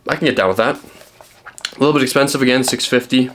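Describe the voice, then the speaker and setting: A young man from Canada talks fast in a mid-range, slightly bright voice, with slight background noise behind him. Showing off the books he found, this book vlogger rambles self-deprecatingly, peppered with ums and restarts.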